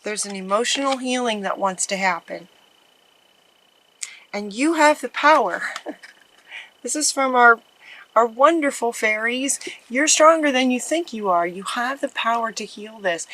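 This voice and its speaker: A woman giving a casual tarot reading to her viewers, gentle and encouraging, often repeating her phrases. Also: a little high, a little slow, rough recording. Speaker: tarot reader.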